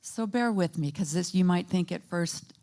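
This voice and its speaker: A woman in her fifties or sixties speaks softly in a low, gravelly voice with a dark, mellow tone. She gives a personal testimony to a church gathering, pausing often and filling the gaps with soft fillers. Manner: halting and soft-spoken, with many pauses and fillers.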